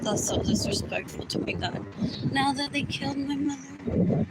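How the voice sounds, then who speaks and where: High-voiced woman muttering on a livestream. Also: huge pitch swings, moderate pace. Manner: repetitive, muttering, drifts into whispers. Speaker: livestream host. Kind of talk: rambling solo livestream monologue. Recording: loud ambient noise with birdsong.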